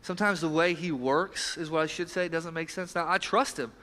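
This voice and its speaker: A man preaching a sermon as pastor, earnest, swinging between loud emphasis and quiet, low passages. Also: fairly even intonation, a little fast. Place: church sanctuary. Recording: church hall with long reverb.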